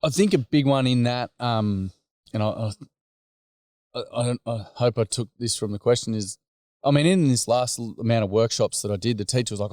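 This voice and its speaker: A man's voice: mid-range voice, fairly quick, a little mellow, no room sound, clean studio sound. An Australian man, a workshop facilitator, telling stories in candid, blokey casual chat.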